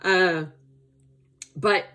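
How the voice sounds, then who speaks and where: Slow, chatty woman vlogger rambling. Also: fairly low pitch, steady tone, sharp tone. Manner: chatty, rambling with tangents and asides. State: recovering from a stomach bug. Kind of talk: casual personal vlog.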